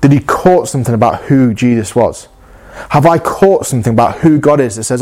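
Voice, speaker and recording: A man's voice: mid-range voice, animated, fast talker, darkish tone. A man preaching a sermon in an earnest, passionate way, often repeating and restarting his phrases.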